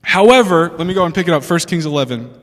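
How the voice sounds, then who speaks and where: Young male preacher, high bright voice, lively and chatty with the crowd; long hall reverb. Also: very fast. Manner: animated, laughing asides, asks the room questions. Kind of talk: sermon. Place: church hall with an audience.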